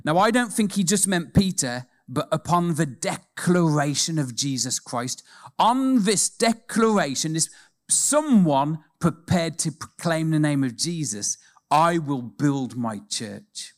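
A man preaching a sermon in a church, telling a personal story with animated delivery that moves between hushed and emphatic moments. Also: fairly high pitch, measured pace.

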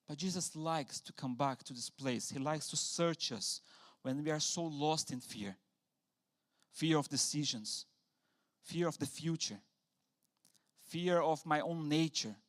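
Animated man preaching a sermon. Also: a little high. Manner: animated, acts out quotes with sudden loud bursts. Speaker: pastor. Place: church.

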